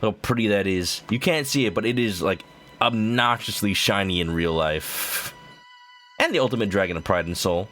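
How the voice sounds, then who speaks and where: A young man streaming a game, chatting casually in a goofy, rambling way with sudden high silly yells. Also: normal speed. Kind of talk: casual gameplay commentary. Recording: game music under the voice.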